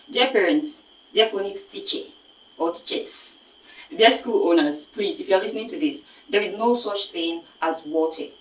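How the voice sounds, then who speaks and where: A woman with a Nigerian English accent explains phonics like a teacher, stressing and repeating words to model them. Her voice sits back from the mic in a roomy, echoing space, at a middle pitch. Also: normal speed, fairly bright tone, far from the mic. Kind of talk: online pronunciation lesson. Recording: echoey room, voice set back from the mic.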